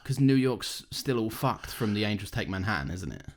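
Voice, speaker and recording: A man's voice: on the low side, lively intonation, normal speed. A man co-hosting a podcast in casual chat, teasing and crude, swearing freely. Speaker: podcast co-host.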